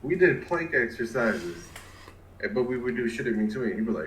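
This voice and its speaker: A man's voice: medium pitch, sing-song, normal speed, a bit bright, echoey room, a little hiss or hum, rough recording. A man co-hosting a casual podcast, telling stories with lots of laughter and acted-out quotes. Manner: laughing storyteller, acts out quotes. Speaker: podcast co-host. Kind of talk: casual chat.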